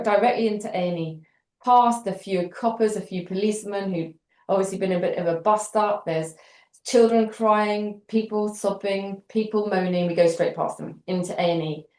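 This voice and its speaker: A middle-aged British woman telling a story in an interview, animated and wry, acting out the dialogue as she goes. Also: medium pitch. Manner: animated, acts out quoted dialogue with wry humour. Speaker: interview guest. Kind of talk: conversational storytelling. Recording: roomy echo.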